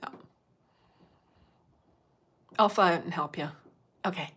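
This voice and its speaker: A woman's voice: on the low side, slow pace, pauses often, a bit bright, slightly rough. A middle-aged woman chatting casually on a livestream, laughing often and reading out viewer comments. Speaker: livestream host.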